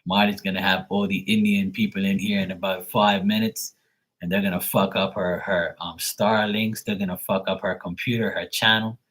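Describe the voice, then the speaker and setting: A man with a low, husky voice tells stories from his stream in loose, rambling chat. He swears freely and mocks the trolls, often breaking into laughter. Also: little pitch movement, moderate pace, a bit bright. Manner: profane, mocking, laughs often. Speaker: livestream host.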